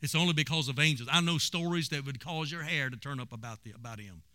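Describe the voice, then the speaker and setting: A man's voice: on the high side, quick pace, bright, forceful tone. A man preaching a sermon and telling stories with emphasis. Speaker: pastor.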